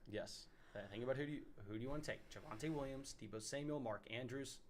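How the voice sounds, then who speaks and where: A man hosting a livestream, chatting casually and quickly coaching and teasing his guest. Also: mid-range voice, a little hiss or hum. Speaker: host.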